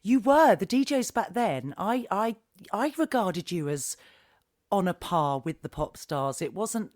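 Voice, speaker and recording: A middle-aged woman hosting a podcast in casual interview chat, chatty and quick to chime in. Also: mid-range voice, lively intonation, a little mellow. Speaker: podcast host.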